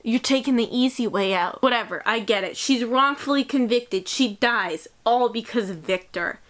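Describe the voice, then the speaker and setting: A woman's voice: fairly high pitch, normal speed, a bit bright. Profane young woman ranting. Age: 20s. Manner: profane, fired-up, sarcastic. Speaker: vlogger. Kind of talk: casual video diary rant.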